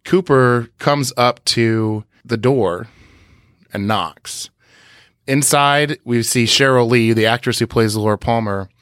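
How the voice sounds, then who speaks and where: A man's voice: mid-range voice, takes it slowly, fairly bright tone, smooth, no echo, clean studio sound. A man hosting a podcast, recapping scenes in detail in a casual way, with frequent "uh" fillers. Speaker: podcast host.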